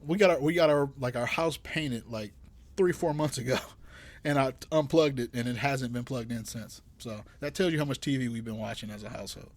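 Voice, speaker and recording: A man's voice: medium pitch, fairly quick. Casting note: young male co-host, loose rambling delivery, mid-range voice. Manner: rambling, many restarts, teasing. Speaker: podcast co-host. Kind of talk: casual chat.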